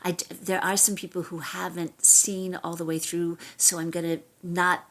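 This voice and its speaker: A middle-aged actress chatting as an interview guest, telling animated stories and often restarting her sentences. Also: on the low side, normal speed. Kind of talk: casual interview chat.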